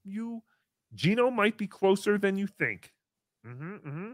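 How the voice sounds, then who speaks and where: A man hosting a casual livestream, reading paid chat messages with sarcastic jokes. He swings from loud bursts to mumbled asides. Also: sits high, very animated, slow pace, no echo, clean studio sound.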